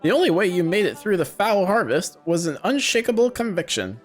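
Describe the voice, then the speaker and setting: A man's voice: high voice, sing-song, fairly quick, faint music behind, voice pushed up. A man voicing a showy small-town businessman who gives a folksy, grandiose festival speech.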